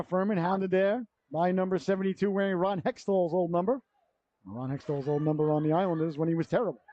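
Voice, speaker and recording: A man with a fairly high, warm voice calls a youth hockey game play by play, chatty and rambling, full of side stories and self-corrections. He's yawning and running out of breath, recorded dry, with dull, lo-fi local broadcast audio.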